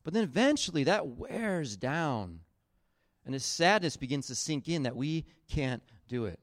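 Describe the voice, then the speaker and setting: A man preaching a sermon, retelling a Bible story in a casual, animated way with acted-out quotes. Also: fairly high pitch, unhurried, no room sound, clean studio sound. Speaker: pastor.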